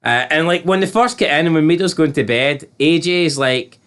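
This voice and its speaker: A man's voice: a little high, fairly quick, clean tone. A man co-hosting a casual TV review chat, rambling and incredulous as he retells scenes. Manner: chatty, rambling, incredulous, animated retelling with quoted voices. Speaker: podcast co-host reviewing a TV episode.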